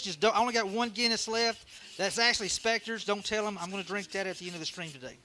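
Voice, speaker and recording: Texan woodworker streamer, high sharp voice, self-deprecating casual banter. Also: male voice, quick pace, slight background noise. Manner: joking, rambling, self-deprecating. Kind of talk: casual live stream chat.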